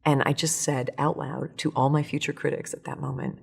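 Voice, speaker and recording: A woman speaking as an author and guest in a casual interview, telling stories in a lively way with acted-out voices. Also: extremely low pitch, brisk, gravelly, husky. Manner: animated storytelling with acted voices and laughs.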